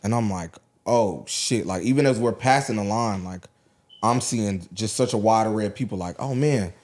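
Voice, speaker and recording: A man in his thirties from Atlanta, a rapper guest telling stories in a relaxed podcast chat, full of "like" and "you know what I'm saying". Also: lowish voice, brisk. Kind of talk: casual podcast conversation.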